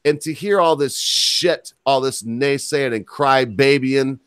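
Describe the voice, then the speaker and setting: A man from the United States hosts a casual talk show, reading the news and cutting in with crude, scornful remarks. His voice sits at an ordinary middle pitch. The sound is dry and close, with no room around it. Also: slow, fairly bright tone, clear, resonant tone, no room sound. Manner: blunt, mocking, with crude asides. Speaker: podcast host.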